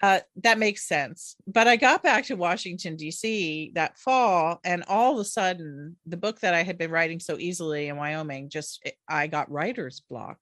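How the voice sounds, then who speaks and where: A middle-aged woman, an author, telling a personal story in an interview with animated delivery and frequent laughter. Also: on the low side, moderate pace, few pauses, dry recording, studio quality. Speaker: author and guest.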